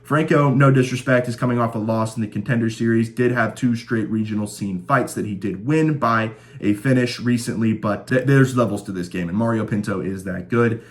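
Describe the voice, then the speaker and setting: Making his picks on a casual fight-predictions show, the host talks fairly quickly with few pauses, piling on stats in a chatty, enthusiastic way. His voice sits in the mid range.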